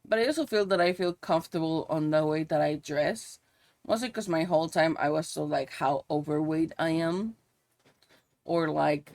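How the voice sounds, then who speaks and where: A woman's voice: sits low, darkish tone, no room sound. A woman streamer chatting casually while she draws on a live stream, swearing freely and singing along to songs now and then.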